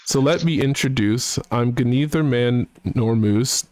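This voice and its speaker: A man's voice: mid-range voice, a little slow, darkish tone, dry recording, close to an everyday voice. A man putting on a posh British accent to voice a snooty singer of a comic song, sing-song and stumbling over the wordplay. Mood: jaunty. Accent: put-on upper-class British.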